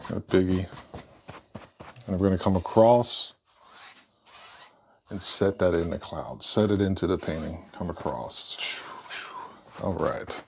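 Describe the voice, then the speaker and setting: A man giving a casual painting lesson, relaxed and thinking aloud as he works. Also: low voice, a little slow, vocal fry, long pauses, a little hiss or hum. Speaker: painting instructor.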